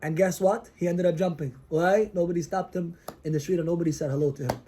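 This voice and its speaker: A man, a rabbi, giving an animated storytelling sermon and acting out the people in his tales. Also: on the high side, fast talker, noisy background. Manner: animated, acts out characters in the stories.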